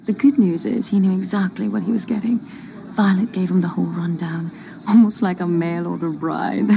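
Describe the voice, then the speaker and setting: A woman's voice: lowish voice, fairly even intonation, normal speed, gravelly, dark tone, a little hiss or hum. An actress playing a condescending society woman in a catty, patronizing tone. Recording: film clip with background ambience.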